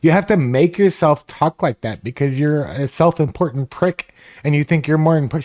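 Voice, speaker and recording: A man's voice: a little high, moderate pace, darkish tone. A man live-streaming his reactions to a council meeting, cursing and mocking the speakers in casual commentary. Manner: profane, mocking, interjecting.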